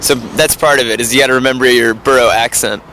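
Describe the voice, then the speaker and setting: Young male musician, bright tone, deadpan and hesitant, faint street noise around him. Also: medium pitch. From New York. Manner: dry, halting, deadpan humor. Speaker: band member. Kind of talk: casual interview chat.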